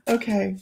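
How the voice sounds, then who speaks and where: A middle-aged woman hosting a psychic livestream, telling stories casually, laughing often and acting out the voices she quotes. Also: very noisy. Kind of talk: casual chatty livestream storytelling.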